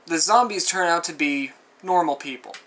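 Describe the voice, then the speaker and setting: A man's voice: fairly high pitch, moderate pace, bright, forceful tone. A man giving a casual spoken film review, rambling with asides and sounding exasperated and sarcastic. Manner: rambling and conversational, with frequent asides. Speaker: movie reviewer.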